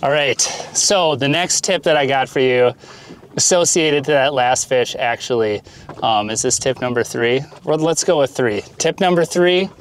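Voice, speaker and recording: A man of middle pitch talks through fishing tips from a boat out on the water, loose and eager, dotting his sentences with ums and uhs. A faint hiss of outdoor noise sits under his voice. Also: moderate pace. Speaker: fishing vlogger. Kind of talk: casual instructional talk.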